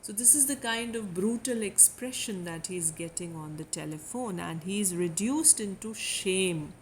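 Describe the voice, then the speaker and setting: Indian English woman, literature lecturer, mid-pitched, explaining a poem, faint hiss behind. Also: unhurried, rough recording. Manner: reads quoted lines with emphasis, then paraphrases.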